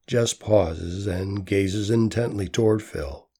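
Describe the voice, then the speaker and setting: A man narrating a story in a slow, soft-spoken manner. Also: on the low side, husky.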